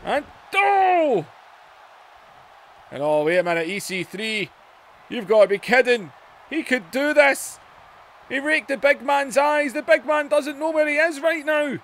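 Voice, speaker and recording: A man giving play-by-play wrestling commentary over a video game, excitable, dropping to low muttering and then shouting at the big moves. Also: normal speed. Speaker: gaming YouTuber.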